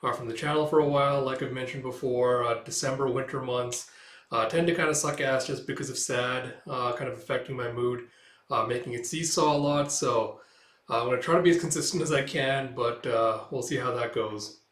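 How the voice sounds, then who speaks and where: A man's voice: mid-range voice, steady tone, a little fast, a bit bright. A man hosting a casual comic read-through, talking in a laid-back way with many filler "uh"s. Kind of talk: casual read-aloud commentary. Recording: echoey room.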